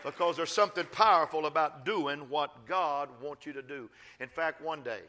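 Pastor, sermon delivery, folksy, bright timbre, swings between loud and hushed. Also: male voice, on the high side, moderate pace, some chatter behind. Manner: folksy and emphatic, swinging from loud exhortation to quiet asides.

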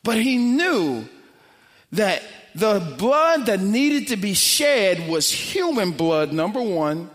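A man pastor preaching a sermon, emphatic and swinging from loud to hushed. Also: sits high, sing-song, slow. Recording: long hall reverb.

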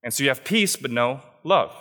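A man's voice: medium pitch, expressive, moderate pace, sharp tone. A young adult man preaching a sermon in an earnest, conversational way, often checking in with his listeners with "right?" asides. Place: church hall. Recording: long hall reverb.

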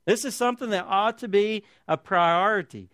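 High-voiced preacher man, dry sound. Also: moderate pace, fairly bright tone, dry recording. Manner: preaching with rhetorical tag questions; reads scripture aloud with emphasis. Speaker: pastor. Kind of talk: sermon.

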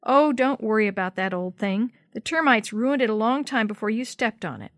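A woman voicing a frail, hobbling old woman who scolds loudly in a high, sharp voice. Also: expressive, moderate pace, no echo, studio quality, lightly acted. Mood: gentle. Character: cranky old woman, frail, hobbling, gruff then kind.

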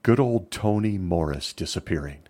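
A man's voice: low voice, animated, moderate pace, mellow. A middle-aged man giving opinion commentary in a sarcastic, emphatic way.

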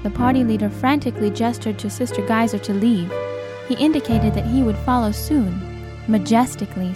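Woman reading a dramatic audiobook, steady and measured, film score behind. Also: fairly high pitch. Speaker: audiobook narrator. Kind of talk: scripted dramatic narration. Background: cinematic score.

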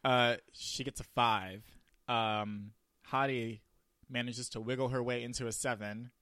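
A man's voice: mid-range voice, fairly even intonation, measured pace, pushed and bright, clean tone, dry recording, clean studio sound. Crude, camp man recapping a reality show. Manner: crude, camp, recaps with bits of quoted voices. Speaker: podcast co-host.

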